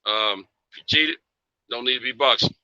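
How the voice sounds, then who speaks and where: A man's voice: medium pitch, normal speed, bright, forceful tone, clean tone, dry recording. A man joining a live stream as a guest, boastful and joking in casual chat. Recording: dry, lo-fi call audio.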